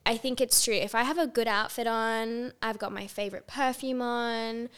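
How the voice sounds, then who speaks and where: A woman's voice: on the high side, fairly even intonation, normal speed, fairly bright tone, clear, resonant tone. A young woman co-hosting a casual chat podcast, upbeat and agreeable as she gives advice. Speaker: podcast co-host.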